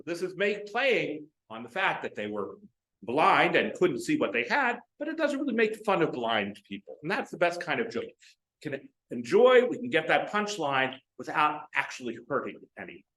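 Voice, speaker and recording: A man giving a humorous prepared club speech, telling jokes in an animated way. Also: a little high, normal speed. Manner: animated joke-telling with quoted voices. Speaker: club speaker. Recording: roomy echo.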